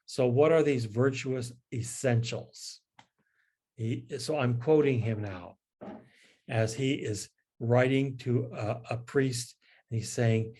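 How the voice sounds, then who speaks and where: A man's voice: mid-range voice, slow pace, mellow. A man, a priest, giving a spiritual lecture in a conversational storytelling manner. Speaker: priest teaching.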